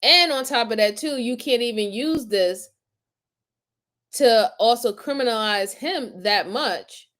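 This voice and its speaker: A woman hosting a crime-commentary live stream, her voice sitting a little high. She talks slowly and reacts with animated indignation while answering her chat viewers. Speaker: host reacting to crime videos.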